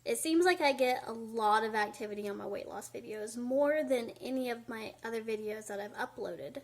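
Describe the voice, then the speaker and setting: A woman chats candidly to her camera at home, her voice pitched a little high. She sounds slightly out of breath and fills her talk with casual "um"s. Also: moderate pace. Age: 20s. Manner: chatty, candid, many fillers. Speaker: vlogger. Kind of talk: casual talking-head vlog. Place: indoors by a window at home.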